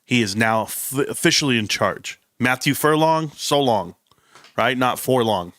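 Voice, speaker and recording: Animated man hosting a stock rant. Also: mid-range voice, measured pace, no room sound, clean studio sound. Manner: animated and joking, acts out quoted voices. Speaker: stock market livestream host. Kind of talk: casual livestream rant.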